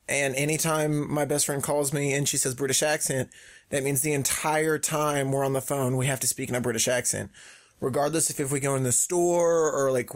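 A young man co-hosting a podcast, telling prank stories in a joking, rambling way with many ums. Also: a little high. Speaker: podcast co-host. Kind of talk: casual chat.

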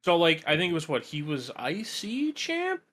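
A man's voice: on the high side, wildly swooping pitch, normal speed, a bit bright, slight background noise. A man co-hosting a wrestling podcast in casual chat, rambling with lots of fillers. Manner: chatty, lots of likes and you knows. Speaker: podcast co-host.

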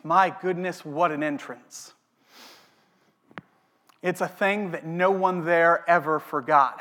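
Man preaching a sermon, high voice, animated, questions the congregation, long reverb of a church hall. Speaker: pastor.

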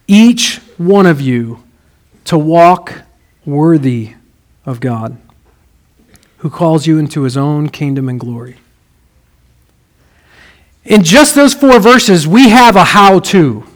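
High-voiced man preaching a sermon. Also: low-quality recording. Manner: expressive preaching, drops low and soft for emphasis. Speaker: pastor.

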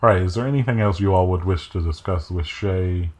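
A man running a tabletop game as game master, talking in a relaxed way with many fillers. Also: sits low, fairly quick.

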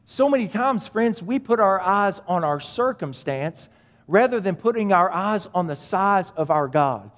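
A man's voice: high voice, dull audio. A male pastor preaching a sermon, speaking with emphatic repetition and addressing the listeners directly. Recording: long hall reverb.

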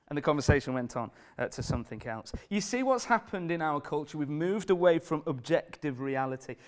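Earnest male preacher, slightly high voice. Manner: earnest, emphatic, repeats questions to the congregation. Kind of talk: sermon.

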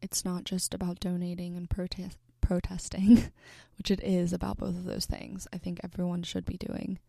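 A young woman in her twenties telling a personal story in an earnest, halting way, with many fillers and restarts, often dropping to a breathy near-whisper. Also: fairly low pitch, monotone, dark tone, no room sound, studio quality.

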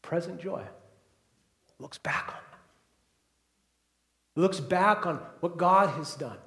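A man preaching a sermon as pastor, moving between soft, hushed passages and loud, emphatic ones. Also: high-pitched, slow pace, gravelly, reverberant.

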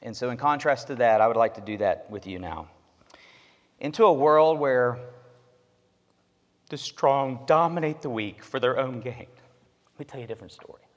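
A man's voice: medium pitch, moderate pace, long pauses, in a large hall. A man in his thirties preaching a sermon as pastor, earnest and conversational, with asides to the congregation.

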